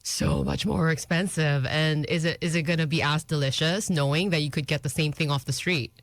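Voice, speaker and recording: A woman's voice: sits low, fairly even intonation, brisk, vocal fry, dry recording. A woman co-hosting a radio show, chatty and easygoing, laughing often. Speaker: radio co-host. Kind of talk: casual radio banter. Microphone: studio microphone.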